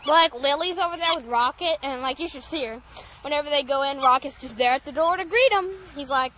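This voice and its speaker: A woman's voice: high-pitched, a little fast, very noisy. A young woman chatting casually in a farm vlog, rambling and giggling with lots of filler words. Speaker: farm vlogger. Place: outdoors on a farm with animals.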